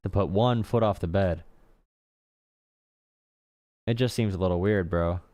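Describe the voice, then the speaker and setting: A man talks casually to his live-stream audience, blunt and mocking, often repeating his points. His voice is low and smooth, and the recording is dry, with no room sound. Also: unhurried, darkish tone, dry recording. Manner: blunt, sarcastic, repeats himself. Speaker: streamer host.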